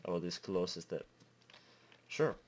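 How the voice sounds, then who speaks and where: Slow-talking man narrating his gameplay. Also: deep voice, lively intonation, slight background noise. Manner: chatty, laughs at his own slips. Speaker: let's play host. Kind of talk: gameplay commentary.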